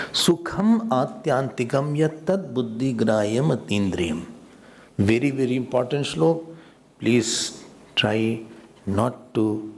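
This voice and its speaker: A man's voice: mid-range voice, vocal fry, darkish tone, a little hiss or hum. A man teaching a scripture class as a swami, explaining patiently and repeating words as he goes. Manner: repeats words, mixes in Hindi asides; explanatory, addresses listeners directly.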